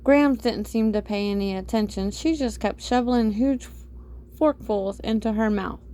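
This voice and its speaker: A woman reads a children's chapter book aloud, speaking with a middling pitch and an inviting tone. She turns to the young listeners directly now and then, drawing them into the story. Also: moderate pace, dark tone, a little hiss or hum.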